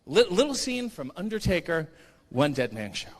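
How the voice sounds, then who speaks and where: A man's voice: fairly high pitch, very animated, normal speed. A man performing a stand-up comedy set on a convention stage, sardonic and self-mocking. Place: convention stage before a live audience. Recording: reverberant stage hall.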